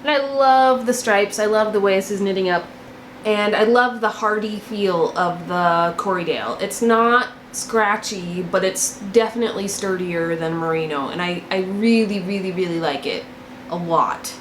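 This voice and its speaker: A woman's voice: medium pitch, moderate pace, a little hiss or hum. Chatty woman gushing about her knitting. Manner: chatty, gushing, repeats words for emphasis. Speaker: knitting podcast host. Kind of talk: casual show-and-tell chat. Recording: echoey room.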